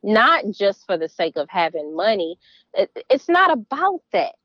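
A woman's voice: mid-range voice, big pitch swings, measured pace, no room sound, highs cut off. Earnest Southern woman, middle-aged. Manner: earnest, emphatic, warm laughs. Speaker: guest. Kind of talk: casual interview.

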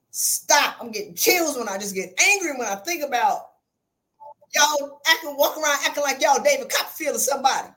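A woman's voice: high-pitched, big pitch swings, brisk, fairly bright tone. A blunt, emphatic woman giving a motivational talk, repeating her points. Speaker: motivational speaker.

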